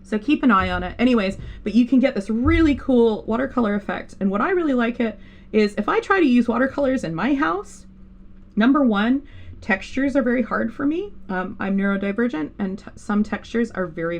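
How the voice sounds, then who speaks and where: Woman art instructor with a fry-tinged voice, chatty and self-correcting, faint noise on the stream mic. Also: on the high side, expressive, fairly quick, a little mellow, lo-fi sound. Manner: rambling, self-interrupting, with many fillers. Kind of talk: live digital painting tutorial.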